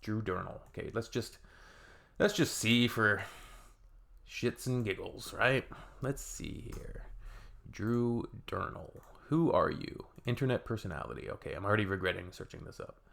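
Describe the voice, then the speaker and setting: A man's voice: fairly low pitch, lively intonation, normal speed, gravelly, a bit bright. A man from Canada hosting a reaction video, reading comments aloud with wry, sarcastic asides.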